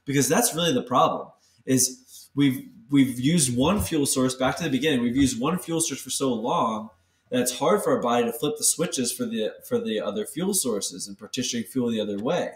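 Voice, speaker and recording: A man co-hosting a podcast who talks candidly and swears freely. He acts out the voices in his head with lively energy. His voice sits a little back from the mic and carries a roomy echo. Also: mid-range voice, normal speed, distant mic. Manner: candid, profane, animated storytelling. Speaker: podcast co-host. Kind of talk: casual chat.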